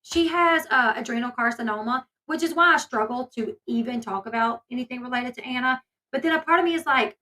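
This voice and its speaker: A woman's voice: high-pitched, fairly quick, sharp tone, low-quality recording. A woman from the States, talking in a chatty, indignant way full of fillers as she gives gossip commentary on a vlog. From Southern United States. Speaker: commentary YouTuber.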